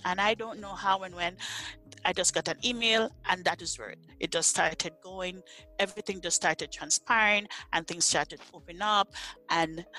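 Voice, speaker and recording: A woman's voice: medium pitch, sharp tone. A middle-aged woman from Jamaica, earnestly telling her faith story as an interview guest and often repeating words as she searches for them. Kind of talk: personal faith testimony in conversation.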